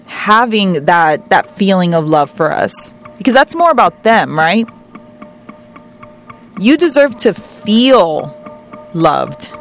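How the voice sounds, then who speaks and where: A woman hosting a tarot reading show, giving earnest, gentle spiritual advice and repeating words for emphasis. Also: fairly high pitch. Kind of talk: reflective spiritual advice talk.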